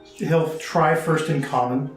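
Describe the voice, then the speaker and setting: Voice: mid-range voice, steady tone, takes it slowly, soft background music. A player in a casual tabletop game who talks hesitantly, with fillers and frequent laughs. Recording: echoey room, heard from a distance.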